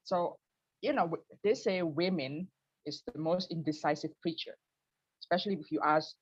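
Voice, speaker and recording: A woman doing self-mocking stand-up comedy from home over a video call, switching into a high voice when she quotes people. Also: moderate pace, husky, no echo, muffled recording. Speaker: open mic comedian. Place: home, early morning.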